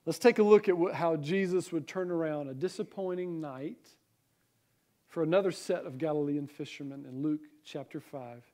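A man's voice: on the high side, moderate pace, mellow. A man with a Southern American accent preaching a conversational Sunday sermon, reading scripture and asking the congregation questions. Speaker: pastor.

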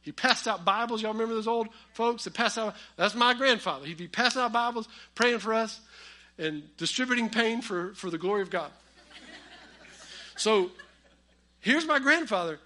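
A man preaches a sermon and weaves family stories into it with humor. His voice sits high and bright. He pushes hard on key lines, then drops to quiet asides. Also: moderate pace. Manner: storytelling with humor, swings between loud emphasis and quiet asides. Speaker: pastor.

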